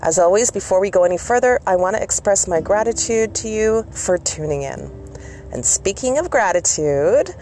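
A woman's voice: fairly low pitch, warm tone, a little hiss or hum. A woman from Canada hosting a self-care vlog, talking in an encouraging, chatty way with small asides. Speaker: self-care vlogger and host. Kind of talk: casual motivational talk.

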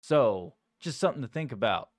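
A man's voice: medium pitch, animated, brisk, no room sound, studio quality. A man co-hosting a podcast, rambling through crude, profane jokes in casual banter. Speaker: podcast co-host.

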